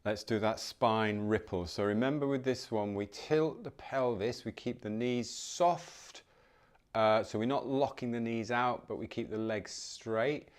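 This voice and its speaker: A man leading a morning movement class in a mid-pitched, steady voice. He cues each step calmly and without hurry, and adds gentle encouragement. He shifts closer to and away from the mic as he demonstrates. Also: clear, resonant tone. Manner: calm, unhurried cueing with soft encouragement. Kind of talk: guided movement class instruction.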